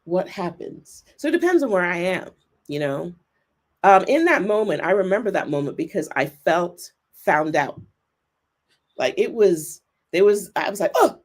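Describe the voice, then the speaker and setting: A woman's voice: lowish voice, big pitch swings. Earnest, thoughtful woman guest. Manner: thoughtful, earnest, speeds up and slows down. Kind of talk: reflective conversation. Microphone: remote video call.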